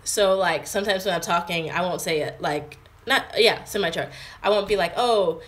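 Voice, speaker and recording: A fairly low, fairly bright voice belongs to a young American woman in her twenties vlogging live from indoors at her home in England. Speaking at a moderate pace, she answers viewer comments in a relaxed way, leaning heavily on fillers.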